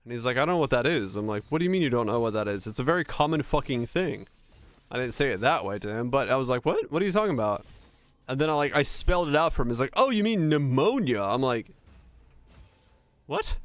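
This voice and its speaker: A young man from Finland whose first language is Finnish, chatting casually with his stream chat, swearing freely and telling animated stories with frequent laughs. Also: medium pitch, quick pace, dry recording. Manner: profane, animated storytelling, laughs often.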